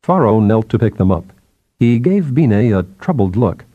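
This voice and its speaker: A man reading an audiobook in a measured, expressive manner. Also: fairly low pitch, no room sound, narrow, tinny audio. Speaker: audiobook narrator. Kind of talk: scripted narration.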